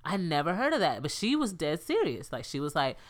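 Low-voiced woman telling animated stories. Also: fairly quick. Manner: animated storyteller, acts out quotes. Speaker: podcast co-host. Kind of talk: casual chat.

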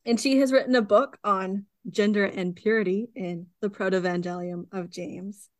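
A woman's voice: medium pitch, steady tone, normal speed, no echo. A woman co-hosting a podcast, explaining historical sources in a casual way and reading passages aloud. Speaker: podcast co-host presenting research.

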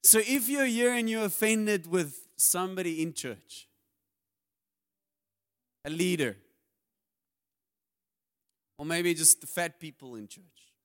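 A man's voice: high voice, slow pace, long pauses. A man, preaching a sermon as a pastor in a candid, confessional way with self-deprecating humor.

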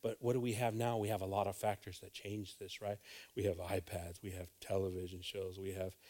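A man's voice: low-pitched, level tone, brisk, warm tone. A man preaching a sermon in an earnest, emphatic way, repeating phrases for weight.

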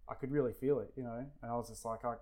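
A man's voice: medium pitch, fairly even intonation, rapid-fire, mellow. An Australian man in his forties, a guest telling rambling stories in casual chat, swearing freely and leaning on fillers. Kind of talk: casual storytelling.

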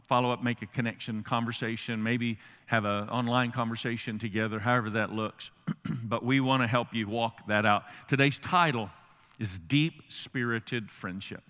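Casting: middle-aged male pastor, folksy preacher, bright tone, long hall echo. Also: medium pitch. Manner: folksy, humorous, animated asides. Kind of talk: sermon.

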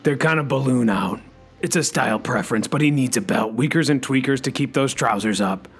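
A man playing an overexcited talk-radio host who says "freaking" constantly and leaps up in pitch. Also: a little fast, breathy edge, faint music behind. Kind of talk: comedy radio-show sketch.

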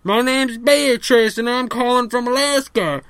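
A man doing a deadpan Southern woman caller. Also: very high voice, unhurried, clean tone, dry recording, clean studio sound. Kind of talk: comedic sketch.

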